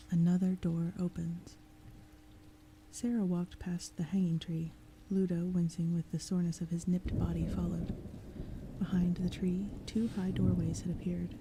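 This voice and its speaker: A woman reading a story aloud in a gentle, calm, soft-spoken audiobook style, sometimes slipping into whispers. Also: fairly low pitch, a little hiss or hum, low-quality recording. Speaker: audiobook reader. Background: thunderstorm sounds.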